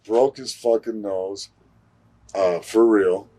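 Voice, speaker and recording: A pro wrestler telling a blunt, profane story in a casual interview. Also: male voice, on the low side, fairly even intonation, takes it slowly, mellow.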